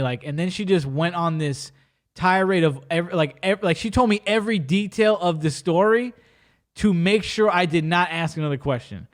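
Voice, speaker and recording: Speaking at a normal pace in a high-pitched voice, a man hosts a podcast where he swaps casual, slang-heavy stories. He's an animated storyteller who keeps breaking off and restarting his sentences.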